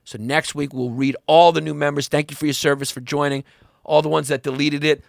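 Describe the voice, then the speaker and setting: A man's voice: flat delivery, brisk, vocal fry, no echo, clean studio sound. Profane, rambling man hosting a podcast. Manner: rambling, profane, swoops up and down in pitch. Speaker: podcast host. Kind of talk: comedic history podcast chat.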